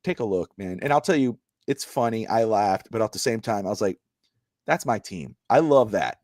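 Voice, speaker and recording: A man's voice: fairly low pitch, lively intonation, moderate pace, a little mellow, no room sound. Male co-host, casual sports talk, rambling delivery, dry close mic. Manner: rambling, storytelling with repeated fillers. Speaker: podcast co-host. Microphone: live stream microphone.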